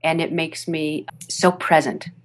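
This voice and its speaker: A woman with a fairly low voice talks about her narration work in a relaxed interview. She speaks animatedly, laughs often and restarts her sentences as she goes. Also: a little slow, a little hiss or hum. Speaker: audiobook narrator. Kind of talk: podcast interview chat. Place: home studio over a video call.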